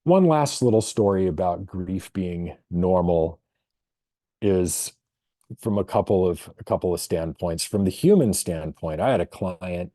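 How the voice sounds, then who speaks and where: Vet guy giving a webinar talk, real low mellow voice, dry close mic, takes his time telling stories. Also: dry recording. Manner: thoughtful, storytelling, measured pauses. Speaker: veterinarian and webinar presenter. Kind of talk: presenting a professional webinar.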